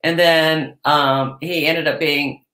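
Female comic guest, bright sharp voice, blunt and profane, roomy sound. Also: low voice, fairly even intonation, takes it slowly. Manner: blunt, swears freely. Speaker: comedian guest. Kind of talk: casual chat.

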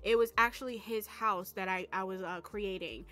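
A young woman vlogging casually about a life-simulation game, excitable and rambling, with lots of fillers. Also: medium pitch, normal speed. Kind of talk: casual chat.

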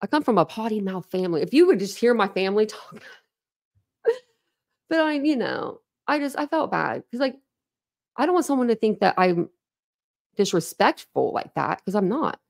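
A woman's voice: medium pitch, very animated, normal speed, gravelly, long pauses. A woman hosting a casual livestream, rambling candidly to her chat, laughing often and poking fun at herself. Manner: laughs often, self-deprecating. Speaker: livestream host.

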